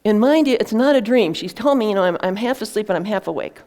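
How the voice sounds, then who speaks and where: A woman's voice: medium pitch, lively intonation, fast, a little mellow. A woman author telling a heartfelt story to an audience in an earnest, conversational way, with fillers and restarts. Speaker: author presenting her book.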